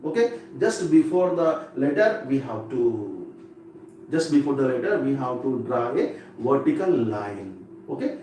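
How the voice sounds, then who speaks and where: A man's voice: fairly high pitch, a little mellow. A man teaching an exam-prep English lesson, who repeats key words and drills pronunciation aloud. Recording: echoey room from far off with faint noise.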